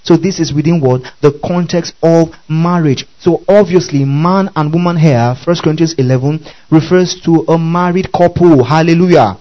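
A man's voice: a little high, moderate pace, hardly any pauses, mellow, lo-fi sound. A man preaching a Bible-teaching sermon, often asking the congregation whether they follow. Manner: keeps checking the audience follows, repeating questions.

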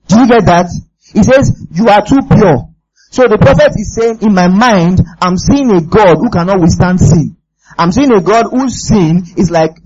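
A man's voice: high voice, a little mellow, slightly rough, lo-fi sound. A man preaching a sermon with emphasis, often asking his listeners whether they follow.

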